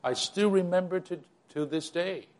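A man's voice: high-pitched, moderate pace. An older man speaking to a church gathering, recalling its early history in a rambling way, full of restarts and direct asides to his listeners. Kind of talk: sermon-style recollection.

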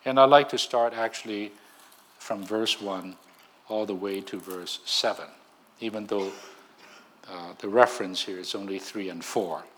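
A man's voice: lowish voice, a little slow, fairly bright tone, a little hiss or hum. A man preaching a sermon as a minister, emphatic, with frequent restarts.

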